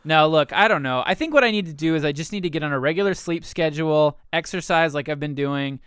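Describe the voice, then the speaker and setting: A man's voice: a little high, quick pace, a bit bright, clean tone, no echo, clean studio sound. An American man co-hosting a podcast, rambling and self-deprecating in casual chat, swearing often. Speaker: podcast co-host.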